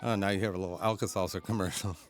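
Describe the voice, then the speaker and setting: A man's voice: low-pitched, fairly even intonation, very fast, loud music behind the voice. A man giving a chatty DVD audio commentary as a film historian, chuckling often as he explains. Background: faint cartoon soundtrack.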